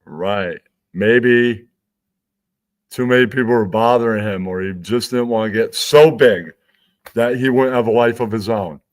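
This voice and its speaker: A man's voice: lowish voice, a little slow. A man hosting a stream, rambling through a crude, self-amused comedic monologue. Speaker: stream host.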